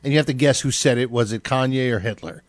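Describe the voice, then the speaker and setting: A man's voice: mid-range voice, quick pace, no room sound, studio quality. A man hosting a casual podcast chat in a joking, sarcastic way. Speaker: podcast host.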